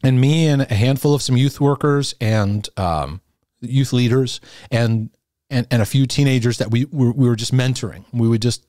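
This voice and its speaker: A middle-aged man speaks straight to his camera in a loose, reflective monologue, doubling back on words and breaking into small chuckles. His voice sits at an everyday middle pitch, and the sound is close and dry with no room around it. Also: normal speed, warm tone, no room sound. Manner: rambling, repeats words, restarts and chuckles. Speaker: host, former youth pastor. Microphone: camera in front of him.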